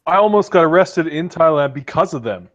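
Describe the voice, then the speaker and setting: A man's voice: on the high side, lively intonation, a little fast, highs cut off. A man in casual chat among friends, blunt and profane.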